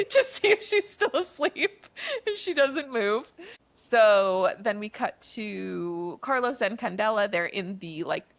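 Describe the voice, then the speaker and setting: A woman's voice: mid-range voice, expressive, takes it slowly, gravelly, no echo. A woman co-hosting a podcast, casually retelling a movie's plot in a chatty way, with lots of "like" and "um" fillers. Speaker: podcast co-host.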